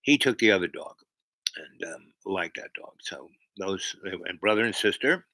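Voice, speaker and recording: A man's voice: sits low, animated, moderate pace, sharp tone, no room sound, low-quality recording. A man hosting a livestream, telling a meandering story to his chat with many fillers and restarts. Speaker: livestream host.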